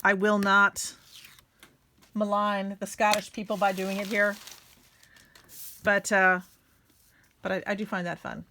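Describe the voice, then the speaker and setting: A woman's voice: mid-range voice, level tone, measured pace, pauses often, sharp tone, slight background noise. A middle-aged woman, hosting a casual craft tutorial and chatting while she works. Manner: chatty, self-deprecating, talks while working.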